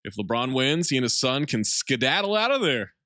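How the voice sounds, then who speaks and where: A man's voice: mid-range voice, very animated, brisk, pushed and bright, no room sound. A man hosting a casual podcast, summarizing a film's plot with dry jokey asides. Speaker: podcast host recapping a film. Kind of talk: casual movie recap podcast.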